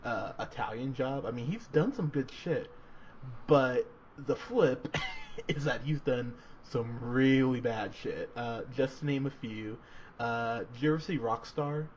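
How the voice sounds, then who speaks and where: A man's voice: mid-range voice, a little slow, a little mellow. A man co-hosting a movie review podcast, chatting casually and animatedly, swearing and laughing often with lots of fillers. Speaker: podcast co-host. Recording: dull lo-fi podcast audio with faint noise.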